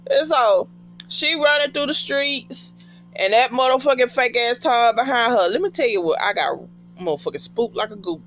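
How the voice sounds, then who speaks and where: A woman giving a casual TV episode recap in an animated, profane way and talking back to the characters. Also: on the high side, moderate pace, dull audio, a little hiss or hum.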